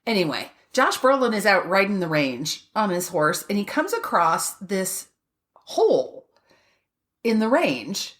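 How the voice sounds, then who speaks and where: A woman co-hosting a podcast in casual chat, retelling a show with halting restarts. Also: medium pitch, very animated, a bit bright. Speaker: podcast co-host.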